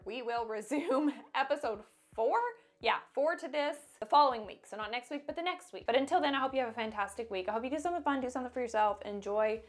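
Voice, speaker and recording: A young woman, teaching haircutting in a casual, chatty tutorial with rambling asides and laughs. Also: a little high.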